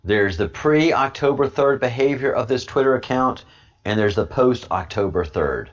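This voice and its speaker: A man's voice: medium pitch, animated, moderate pace, highs cut off. A man hosting a casual commentary livestream, rambling through his points with repetitive, joking asides, talking into a desk microphone. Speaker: livestream host.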